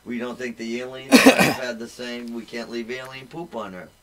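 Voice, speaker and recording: A man chatting on a radio talk show, making wry, deadpan jokes. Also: mid-range voice, moderate pace, low-quality recording. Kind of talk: casual chat. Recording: faint noise with clicks.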